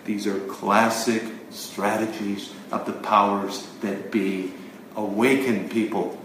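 A man preaching a sermon with emphatic delivery, swinging between loud declarations and hushed words. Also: on the low side, little pitch movement, slow. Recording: very echoey room, distant mic, faint noise.

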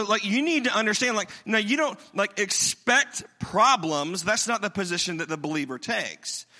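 Middle-aged male pastor, sharp and high, chatty energetic sermon in a reverberant hall. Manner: conversational, energetic preaching with humorous asides.

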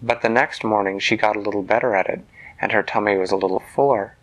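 A man telling a bedtime story to a child in a gentle voice that sometimes drops to a soft whisper. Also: on the low side, quick pace, low-quality recording.

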